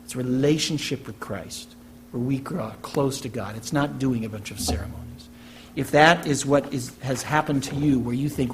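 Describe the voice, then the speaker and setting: A male pastor delivers a sermon in a mid-pitched voice, hammering points home by repeating phrases and posing rhetorical questions to his congregation. A faint hum sits under the recording. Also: moderate pace. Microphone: church recording for online message.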